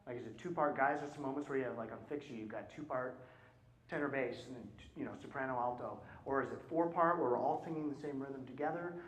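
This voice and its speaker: A man's voice: medium pitch, quick pace. Man coaching a choir in a roomy hall. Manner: questioning, checks in with frequent "right?". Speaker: choir clinician. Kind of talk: choral rehearsal coaching. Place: concert hall.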